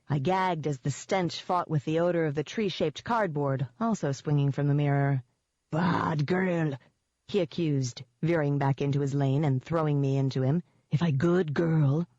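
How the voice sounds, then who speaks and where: A woman reading first-person fiction aloud as an audiobook narrator, with an even, wry storytelling manner. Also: sits low, no echo. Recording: dull dry lo-fi audio.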